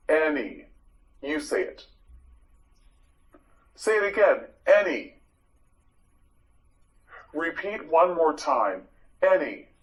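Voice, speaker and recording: Male vocabulary teacher: patient, slow, encouraging, voice a little high and very lively. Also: rough recording. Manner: patient, encouraging, repeats each word slowly and clearly. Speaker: English teacher. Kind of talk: vocabulary drill lesson for learners.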